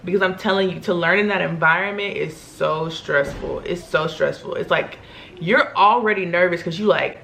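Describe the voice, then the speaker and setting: A young woman vlogger telling a story to camera in a chatty, animated way, laughing often and using slang. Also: fairly low pitch, normal speed, vocal fry, a little hiss or hum.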